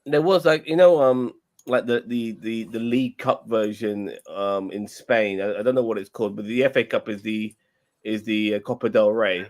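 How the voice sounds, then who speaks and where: A man's voice: fairly low pitch, normal speed, a little mellow. A man co-hosting a podcast, rambling with lots of "like" and restarts in casual banter. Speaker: podcast co-host.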